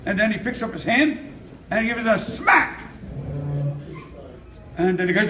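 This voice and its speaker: An older man preaching as a rabbi, animated, acting out quotes and laughing as he tells stories. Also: high voice, unhurried, long pauses, crowd noise. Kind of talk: sermon with storytelling. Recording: echoey room from far off.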